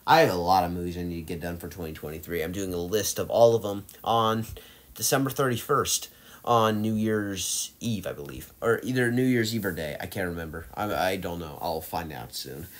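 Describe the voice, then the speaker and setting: A man's voice: low-pitched, brisk. Rambling, filler-heavy man talking movies. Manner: rambling, many fillers and restarts; enthusiastic, swings loud and soft. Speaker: movie reviewer ranking films. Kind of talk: casual rambling tier-list vlog.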